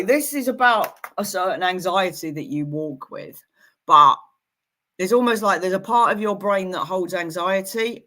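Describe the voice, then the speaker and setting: A woman working as a psychic medium, giving live-streamed readings to viewers in a gentle, reassuring way with playful asides. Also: on the low side.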